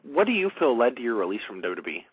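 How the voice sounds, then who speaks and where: A man's voice: mid-range voice, sing-song, fast, husky, no echo. A man hosting a radio show, asking his guest brief, direct interview questions. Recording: dull lo-fi radio audio.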